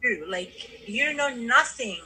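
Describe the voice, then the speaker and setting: A woman's voice: fairly high pitch, animated, slow, pushed and bright, breathy edge, low-quality recording. A woman life coach in a casual podcast chat, speaking candidly, swearing freely and acting out her own inner voice.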